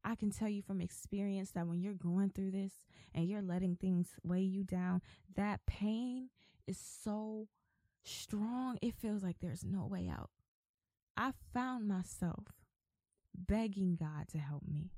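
A woman's voice: mid-range voice, takes it slowly, dark tone, dry recording. A woman hosting a faith podcast, talking emphatically and with repetition, like an exhortation. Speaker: podcast host.

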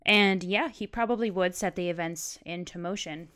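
Woman podcast co-host, smooth voice, low-ish, animated book talk. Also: moderate pace. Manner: animated, analytical. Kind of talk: casual discussion, reading excerpts.

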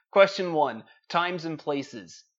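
A man's voice: a little high, animated, drawn-out words, a bit bright, highs cut off. A man hosting a trivia podcast, chatting casually and reading out questions and facts in a dry way.

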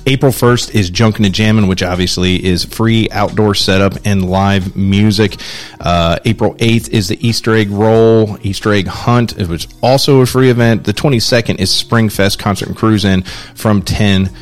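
Chatty low-voiced male host. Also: steady tone, normal speed. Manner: chatty, loose, with fillers and asides. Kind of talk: casual interview and local announcements.

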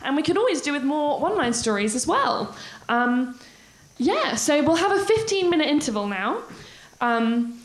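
A woman's voice: high-pitched, sing-song, moderate pace, hardly any pauses. A woman hosting a live story slam, bubbly and chatty, laughing between announcements. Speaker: event host. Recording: echoey live venue with crowd and noise.

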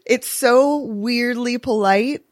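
A woman's voice: fairly high pitch, slow pace, dry recording, clean studio sound. A woman co-hosting a true crime podcast, talking earnestly and emphatically and swearing when worked up. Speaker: podcast co-host.

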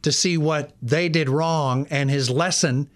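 A man hosting a podcast, telling animated anecdotes in casual chat. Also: fairly high pitch, unhurried. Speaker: podcast host.

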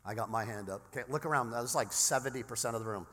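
A male pastor from Southern California preaching a sermon in a casual, animated way, with frequent restarts. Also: mid-range voice, fast talker. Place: large church sanctuary. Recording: long reverb in a church hall.

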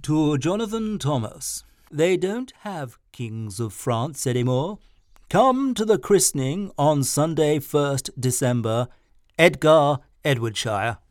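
A man's voice: on the high side, lively intonation, slow pace, no echo, studio quality. A man voicing a formal male aristocrat reading out his own reply letter, matter-of-fact. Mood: dry.

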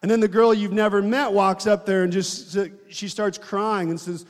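A man's voice: high voice, flat delivery, moderate pace, long reverb tail. A man preaching a sermon in a conversational way, often asking the congregation questions.

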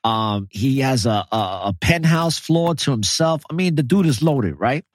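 A man chatting on a podcast, telling a film story with animated, profane emphasis. His voice is husky, sitting at a middle pitch. The sound is dry and close. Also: a little slow, no echo. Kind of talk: casual podcast conversation.

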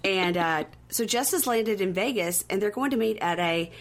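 A woman's voice: mid-range voice, expressive, moderate pace. Chatty woman recapping a reality show. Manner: chatty, acts out quotes from the show. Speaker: podcast co-host.

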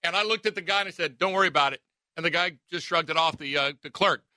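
A man co-hosting a radio show, telling a story in quick, expressive casual chat. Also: a little high, no room sound, studio quality.

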